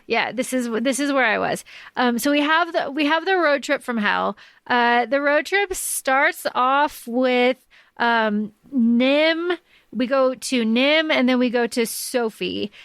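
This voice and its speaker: Relaxed woman podcast co-host. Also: fairly high pitch, clear, resonant tone, no echo. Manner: relaxed, filler-heavy, recaps plot. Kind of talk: casual book chat.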